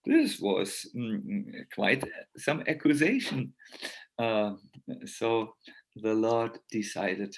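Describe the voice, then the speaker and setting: A man giving a festival sermon as a story, slow and hesitant, with many pauses and fillers. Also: medium pitch, expressive, a bit bright, rough recording. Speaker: visiting swami, speaker. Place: temple festival talk.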